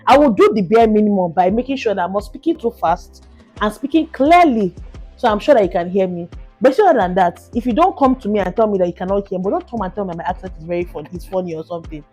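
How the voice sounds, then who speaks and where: A Nigerian woman co-hosting a podcast in casual chat, talking quickly and repeating herself as she gets going. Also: medium pitch, lively intonation, darkish tone, breathy edge, highs cut off, soft background music. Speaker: podcast co-host.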